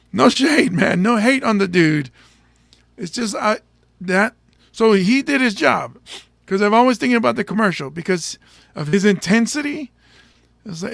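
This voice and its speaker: Comedian host, male, gravelly, slightly high voice, loose rambling banter, dry close mic. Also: a bit bright, no echo. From Samoa. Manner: rambling, joking, quick to laugh. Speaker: stand-up comedian hosting a show. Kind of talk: casual chat to an audience.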